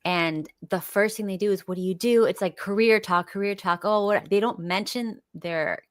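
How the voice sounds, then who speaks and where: A woman calling into a live stream, speaking quietly and softly in short casual answers. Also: mid-range voice, normal speed, dry recording, clean studio sound. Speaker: guest caller. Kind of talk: casual chat on a call.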